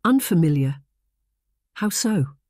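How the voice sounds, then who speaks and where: A man's voice: on the high side, big pitch swings, slow, darkish tone, no echo, clean studio sound. A narrator voicing a tired, troubled nobleman in his thirties who speaks in a tense, clipped way. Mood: weary. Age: 30s.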